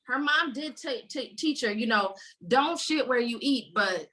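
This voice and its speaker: A woman's voice: on the high side, measured pace. A woman co-hosting a podcast, casually recapping a romance novel and acting out the characters' lines. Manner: animated storytelling, acts out characters' lines. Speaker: podcast co-host.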